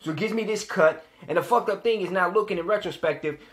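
A young man vlogging to the camera, telling a story with plenty of swearing. His voice sits a little high for a man, and he keeps circling back and repeating words as he gets heated. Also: fast talker. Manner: animated, profane, repeats himself when worked up.

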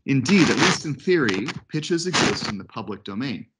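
A man giving an academic webinar lecture, reading a prepared text in a measured way with occasional asides. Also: medium pitch, very animated, very noisy. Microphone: computer mic on video call.

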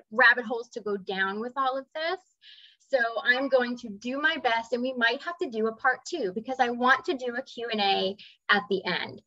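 A woman with a bright, slightly raised voice talks effusively to her audience, then slows into soft guided breathing and visualization cues. The sound is dull and lo-fi, like a livestream. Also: fairly high pitch. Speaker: spiritual teacher and medium hosting a live event. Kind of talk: casual live talk and guided meditation.

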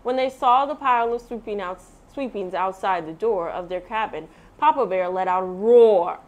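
A woman reading a children's picture book aloud, with expressive storytelling, then sharing her thoughts. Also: mid-range voice, moderate pace. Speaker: read-aloud host.

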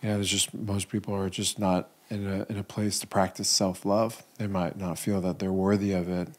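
A man hosting a podcast, soft-spoken and reflective, slowly affirming his guest. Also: low-pitched, flat delivery. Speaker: podcast host. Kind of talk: reflective interview talk.

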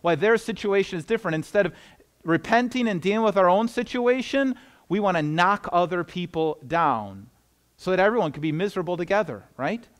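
A man's voice: high voice, expressive, brisk. A man preaching an earnest, conversational sermon as a pastor, often restarting and repeating words.

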